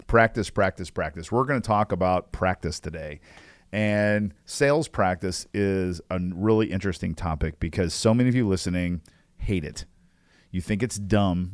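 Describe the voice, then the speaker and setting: A man with a low-pitched voice co-hosts a podcast in a lively, joking manner and laughs often. He keeps things light and conversational. The sound is close and dry. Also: no room sound. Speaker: podcast co-host. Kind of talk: casual podcast chat.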